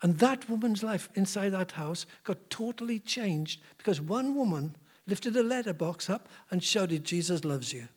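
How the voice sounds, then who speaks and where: A man preaching a sermon, telling stories with animated delivery and frequent restarts. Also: high voice, measured pace, husky. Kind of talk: sermon storytelling.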